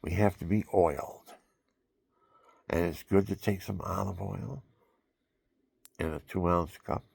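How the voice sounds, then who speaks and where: Gravelly deep-voiced older man, rambling. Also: steady tone, takes it slowly, long pauses, a little mellow, no room sound. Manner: rambling, folksy, counts aloud under breath. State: out of breath. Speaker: vlogger. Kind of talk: casual health talk to camera. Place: home, sitting on a couch.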